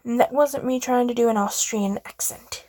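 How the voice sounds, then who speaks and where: A woman's voice: a little high, normal speed, dark tone, no echo. Woman narrating a story with chatty asides. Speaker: reader of a game story. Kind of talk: first-person story narration.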